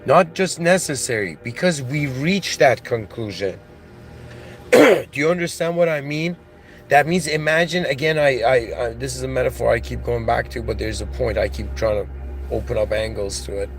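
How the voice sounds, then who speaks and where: A man's voice: mid-range voice, moderate pace, soft background music. A man giving a philosophical monologue, earnest and growing emotional as he talks. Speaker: channel host.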